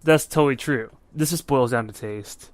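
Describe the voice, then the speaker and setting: A man's voice: medium pitch, moderate pace, dry recording. Blunt man in dry podcast talk. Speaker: podcast co-host. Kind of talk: casual film discussion.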